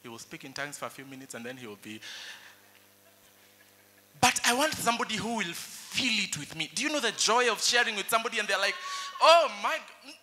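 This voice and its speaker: A young man with a Kenyan accent preaching a sermon, animated and lively, moving between English and Swahili. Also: high voice, quick pace, slight background noise. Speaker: pastor.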